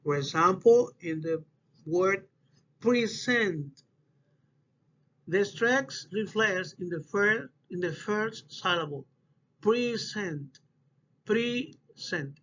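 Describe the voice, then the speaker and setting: A man giving a class presentation, speaking haltingly and often restarting his phrases. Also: high-pitched, bright, forceful tone. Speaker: student presenter. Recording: dull lo-fi audio with faint hiss.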